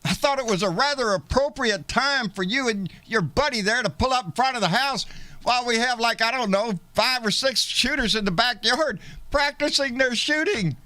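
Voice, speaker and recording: A man's voice: very high-pitched, normal speed, bright, forceful tone, no echo. A middle-aged man, hosting a live show and angrily ranting, profane and taunting, hurling insults. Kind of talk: angry live-stream rant.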